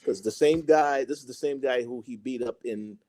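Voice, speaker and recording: Mellow-voiced man sharing his take on a show. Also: medium pitch, normal speed. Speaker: podcast co-host. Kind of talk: casual TV recap chat.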